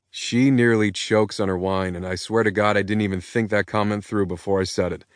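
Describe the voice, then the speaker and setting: A man's voice: lowish voice, steady tone, fairly quick, few pauses, no echo, clean studio sound. A young adult man narrating an audiobook in first person, cocky and self-mocking.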